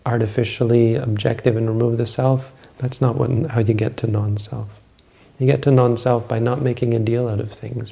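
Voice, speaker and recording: A man teaching meditation, answering questions in a calm, measured, explanatory way. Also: mid-range voice, vocal fry, husky.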